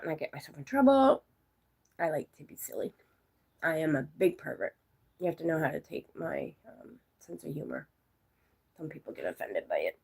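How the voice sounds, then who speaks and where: Giggly woman with a gravelly voice. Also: lowish voice. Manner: giggly, silly, rambling, laughs often. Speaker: vlogger chatting with viewers. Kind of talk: casual live chat.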